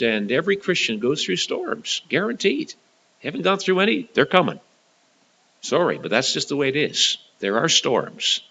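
A man preaching a sermon, dramatic, swinging from loud to hushed and often repeating and restarting words. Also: medium pitch, low-quality recording.

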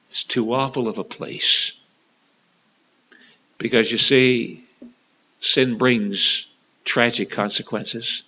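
A man preaching a sermon with passion, rising to loud, high peaks and dropping to hushed, slow lows. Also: poor audio. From Canada.

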